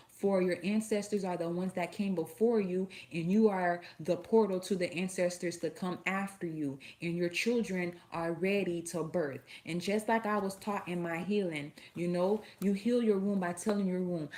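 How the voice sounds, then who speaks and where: A woman's voice: lowish voice, moderate pace, darkish tone. A woman in her thirties giving a live spiritual reading, soothing and affirming as she speaks to listeners as "beloved". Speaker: spiritual card reader.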